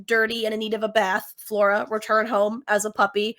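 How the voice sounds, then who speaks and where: A woman's voice: mid-range voice, level tone, fairly quick, fairly bright tone. A woman running a tabletop game as game master, narrating in a chatty way full of fillers and easy laughter.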